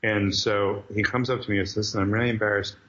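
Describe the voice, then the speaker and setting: A man being interviewed, telling animated, jokey anecdotes in casual conversation. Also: fairly low pitch, fast, dull audio. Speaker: guest, comic book writer.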